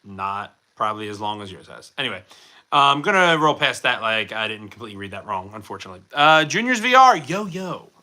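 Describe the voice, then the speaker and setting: This man hosts a casual livestream, his fairly low voice swinging widely in pitch as he talks fairly quickly with a sharp tone. He answers viewers in a rambling, self-deprecating, jokey way with many fillers.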